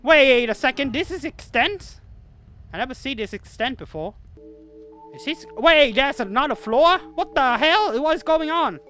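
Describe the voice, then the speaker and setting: A high, bright woman's voice that leaps around wildly as she plays through a horror game on camera. She swears and yells at the game when it startles her, over faint game music in the background. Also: expressive, moderate pace. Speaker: gaming video host. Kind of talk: let's-play commentary.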